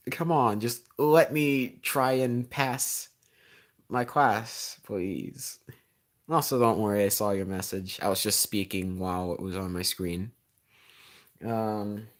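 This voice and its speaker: Teen male streamer, slightly low voice, casual rambling chat, sarcastic rants that get loud. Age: teens. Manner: rambling, sarcastic, frequent ums; gets loud and heated when ranting.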